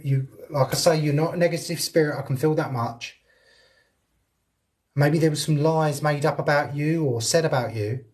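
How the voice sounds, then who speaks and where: This paranormal investigator, whose voice is a little high and a little mellow, is live-streaming a ghost hunt indoors in a house. Chatty and quick to laugh, he talks straight to his viewers and to the spirits.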